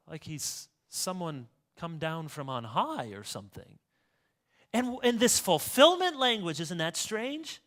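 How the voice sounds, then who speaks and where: A male pastor preaching a sermon in a church, moving from hushed rhetorical asides to loud emphatic peaks. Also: sits high, huge pitch swings, a little slow.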